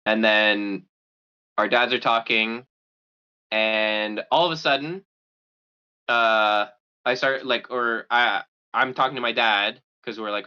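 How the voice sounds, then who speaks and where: A man's voice: lowish voice, takes it slowly, pauses often, pushed and bright, clear, resonant tone, muffled recording. A young man casually telling a story on a podcast, rambling with fillers and restarts. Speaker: podcast co-host.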